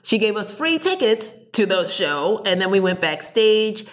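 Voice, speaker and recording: Talkative, animated woman storyteller. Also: medium pitch, unhurried. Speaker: podcast guest, business owner. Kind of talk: casual storytelling interview.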